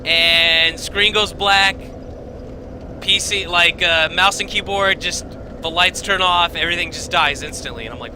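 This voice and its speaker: A man's voice: high-pitched, moderate pace, noisy background. A young man streaming from his home basement, telling a story casually, rambling and swearing with lots of fillers and restarts.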